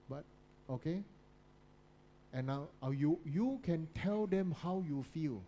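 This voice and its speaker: A man giving a motivational talk to students. He repeats his points and keeps checking in with the audience, often dropping to a soft, low voice. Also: unhurried, slight background noise. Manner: repetitive, keeps checking in with listeners. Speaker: guest speaker.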